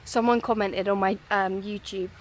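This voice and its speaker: A woman's voice: mid-range voice, fairly even intonation, moderate pace, slight background noise, low-quality recording. A woman in her twenties with a Northern English accent, chatting casually and upbeat as a travel vlogger outdoors, talking to a handheld camera. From England. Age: 20s. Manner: chatty, upbeat, laughs often. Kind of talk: casual vlog chat. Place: outdoors in Thai countryside.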